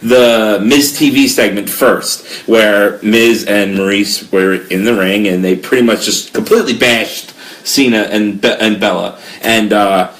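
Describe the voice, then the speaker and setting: A man's voice: lowish voice, fairly even intonation, a little slow, fairly bright tone. A man co-hosting a casual podcast, rambling and hesitant, with frequent fillers and swearing. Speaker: podcast co-host. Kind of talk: casual wrestling podcast chat.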